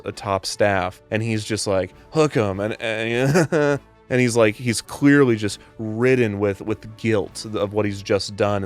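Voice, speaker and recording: Low-voiced man on a rambling comedic rant. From Kansas. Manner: rambling, animated, self-correcting. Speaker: host.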